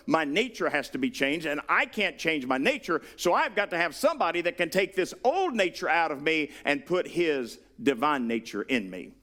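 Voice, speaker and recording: A man with a Southern US accent preaching a sermon, animated, acting out the voices he quotes. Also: on the high side. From Southern United States. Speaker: pastor.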